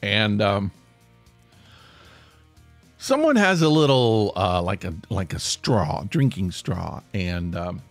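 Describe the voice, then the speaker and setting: A man hosting a podcast, telling a funny story in an animated, self-deprecating way and laughing mid-sentence. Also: fairly low pitch, slow, vocal fry, long pauses, no echo, soft background music. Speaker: podcast host. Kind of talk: comic storytelling.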